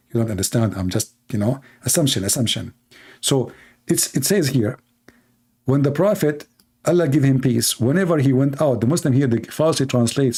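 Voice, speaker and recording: Sarcastic guy joking around on a stream, mellow dark voice, middle pitch. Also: slightly rough. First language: Arabic. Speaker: debate streamer. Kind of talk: mocking live-stream commentary.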